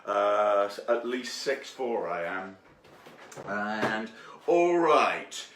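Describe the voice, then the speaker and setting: A man's voice: on the low side, expressive, extremely slow, noisy background. A man giving a rambling, jokey cooking demonstration in his home kitchen, with lots of fillers. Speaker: home baker. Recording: echoey room.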